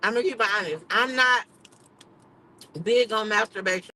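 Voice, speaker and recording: Her voice a little high and sharp-toned, a woman runs her own livestream at a normal pace. The chat is candid and casual, full of profanity and frequent laughter, and the audio is poor.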